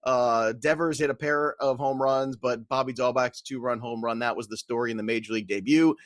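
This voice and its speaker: A man co-hosting a casual sports podcast, joking and animated, laughing often as he runs through results. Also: medium pitch, fairly quick, no echo, studio quality. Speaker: podcast co-host.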